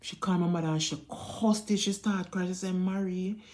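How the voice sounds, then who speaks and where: A woman's voice: on the low side, steady tone, fairly quick, darkish tone. A woman with a Jamaican accent telling a family story to her viewers in a casual vlog, emphatic and repetitive, often turning to address them directly. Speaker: vlogger.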